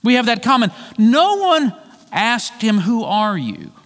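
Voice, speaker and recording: A man preaching a sermon, retelling a story and acting out the voices in it, shifting between loud and hushed delivery. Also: very high-pitched, huge pitch swings, unhurried. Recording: long hall reverb.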